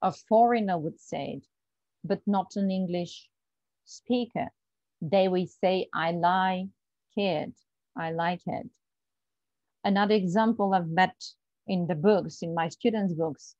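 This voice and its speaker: A woman with Bulgarian as her first language teaches English pronunciation in an online lesson. She explains patiently and repeats example phrases slowly for her students. The recording is dry and a little dull, with no room sound. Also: medium pitch, a little mellow, no room sound.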